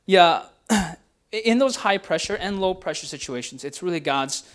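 A man's voice: high voice, lively intonation, measured pace. A young man preaching a casual, conversational sermon to students, often tagging his points with "right?". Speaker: pastor.

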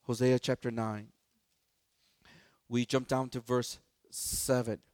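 A man preaching a sermon at a church, lively and joking, acting out quoted voices into a microphone. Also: medium pitch, takes it slowly, no echo, clean studio sound. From Chicago, United States. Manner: animated, acts out quoted voices, joking asides. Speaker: pastor. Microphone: handheld or stand microphone.

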